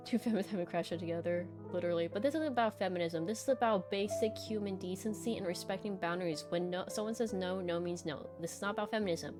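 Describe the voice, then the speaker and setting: A woman streamer reads a visual novel aloud. Her middle-pitched voice moves from steady narration into blunt, animated asides, with soft game music running faintly underneath. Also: quick pace, few pauses. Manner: animated, blunt outbursts between calm reading. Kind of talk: reading a visual novel aloud with live reactions.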